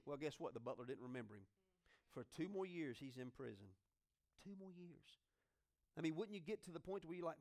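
A man's voice: a little high, expressive, brisk, darkish tone. A man preaching a sermon, retelling a Bible story in a folksy, joking way and acting out the characters' lines.

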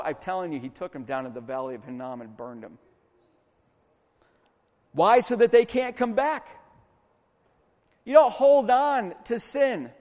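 Middle-aged preacher guy, pretty high voice, fired up and repeating himself, long echo from a big church. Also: darkish tone. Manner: fervent, emphatic preaching with repetition. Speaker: pastor. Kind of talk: sermon. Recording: long reverb from a large room.

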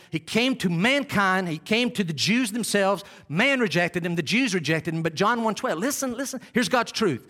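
A male pastor preaching a sermon to a congregation, reading scripture slowly and with emphasis. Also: high-pitched, a bit bright. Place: church before a live congregation.

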